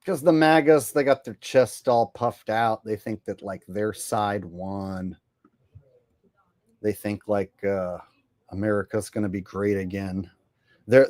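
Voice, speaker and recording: A man's voice: on the low side, no room sound. Male stream host, casual and crude, dry voice. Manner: crude, joking, laughs often. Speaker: livestream host. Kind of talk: casual commentary.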